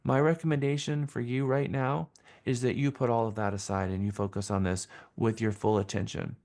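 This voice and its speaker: A man's voice: mid-range voice, little pitch movement, a little fast, a little mellow. Enthusiastic male sales trainer. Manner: enthusiastic, emphatic, repeats phrases for stress. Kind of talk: live training session.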